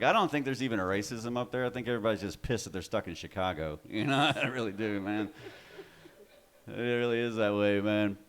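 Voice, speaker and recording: A man's voice: mid-range voice, clear, resonant tone. A man in his forties from West Texas with a Texan accent, doing a loose, profane stand-up set on a club stage and laughing at his own jokes. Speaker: stand-up comedian.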